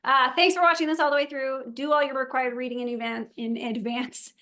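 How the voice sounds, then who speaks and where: A woman's voice: sits high, steady tone, fairly quick, bright, forceful tone. A woman briefing a virtual meeting for event volunteers and drivers, upbeat, chatty and practical. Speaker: event organizer.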